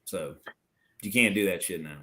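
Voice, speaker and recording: A man's voice: deep voice, normal speed, bright, forceful tone. Blunt, profane middle-aged man. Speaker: interview guest, retired Marine officer. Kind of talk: casual storytelling chat.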